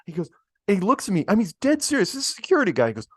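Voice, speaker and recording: A man's voice: high-pitched, wildly swooping pitch, very fast, husky, dry recording, clean studio sound. A man hosting a casual livestream chat, telling stories in a rambling way with chuckles, restarts and mild swearing. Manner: swears mildly, drawls "man" and "right?". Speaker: host.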